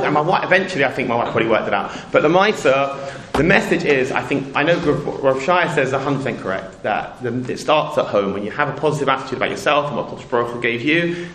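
A middle-aged man from England tells a story to an audience, rambling and restarting his sentences. He breaks into the voices of the people he quotes. His voice sits at an everyday pitch and carries a roomy echo. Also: expressive, quick pace, few pauses, fairly bright tone. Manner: rambling, self-interrupting, acts out quoted voices. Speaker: storyteller speaking to a community audience. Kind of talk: casual anecdotal talk with a moral.

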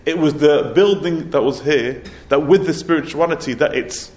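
A man's voice: a little high, normal speed, a little mellow, close to an everyday voice. A man voicing a grieving, earnest prophet. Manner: earnest, patient explaining. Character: grieving wise male prophet, patient and earnest. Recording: roomy echo, faint ambience.

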